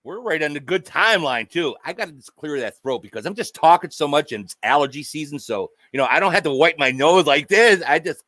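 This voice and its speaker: Sarcastic man ranting, bright lively voice. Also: a little high, no echo, clean studio sound. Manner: mocking, profane, keeps jabbing at an unseen "sir". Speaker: vlogger. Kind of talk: sarcastic monologue to the camera.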